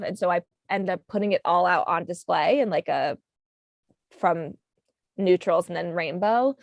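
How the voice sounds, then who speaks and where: A woman's voice: fairly low pitch, normal speed, no room sound. Chatty young-sounding woman, dry video call. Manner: chatty, uses lots of likes, laughs while talking. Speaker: guest. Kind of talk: casual chat on a livestream.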